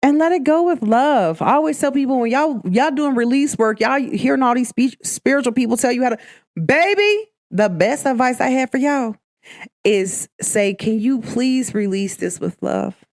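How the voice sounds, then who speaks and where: A woman's voice: sits high, expressive, normal speed, no room sound, studio quality. A woman hosting a podcast, giving emphatic, preachy spiritual advice in a casual talk. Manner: emphatic and preachy, calls listeners "baby". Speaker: podcast host.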